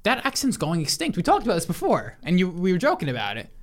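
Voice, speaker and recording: A man's voice: sits high, wildly swooping pitch, quick pace. A young man from New York co-hosting a podcast, talking in a laid-back, rambling way and laughing easily. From New York, USA. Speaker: podcast co-host. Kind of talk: casual chat.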